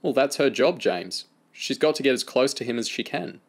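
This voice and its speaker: A man reading the lines of a calm, dry-humoured adult handler, speaking in a steady, level, lightly amused way. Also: medium pitch, normal speed, slightly rough, pitched above the performer's own voice.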